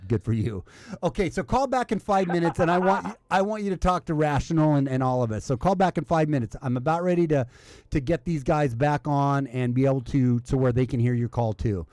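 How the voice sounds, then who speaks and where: Tipsy, lively-voiced livestream host. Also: male voice, medium pitch, brisk, no room sound. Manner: loose, laughing, stumbling restarts. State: a little drunk. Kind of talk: casual live-stream chat.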